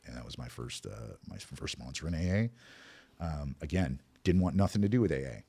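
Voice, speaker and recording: Very deep husky man telling his story. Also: brisk. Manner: candid, self-deprecating, animated storyteller. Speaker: podcast guest. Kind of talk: personal recovery storytelling.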